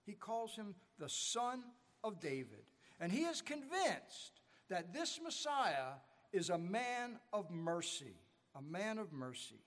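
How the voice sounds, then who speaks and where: High-voiced preacher in a reverberant church. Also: male voice, sing-song, slow pace, fairly bright tone. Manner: storytelling preacher, rising and falling emphasis. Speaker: pastor. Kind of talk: sermon. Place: church sanctuary. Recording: church sanctuary with long reverb.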